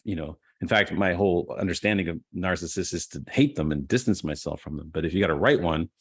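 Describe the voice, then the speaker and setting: Middle-aged male improv teacher, low voice, dry close sound, animated storyteller. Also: fast talker, breathy edge, no room sound. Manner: animated storyteller, acts out quotes. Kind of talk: casual conversation. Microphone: video call.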